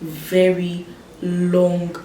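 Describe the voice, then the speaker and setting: A woman's voice: lowish voice, extremely slow, reverberant, recorded from a distance, a little hiss or hum, poor audio. A young woman telling a dramatic story to her viewers, acting out what people said. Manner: animated storytelling, acts out quoted voices. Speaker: vlogger. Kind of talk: storytime vlog.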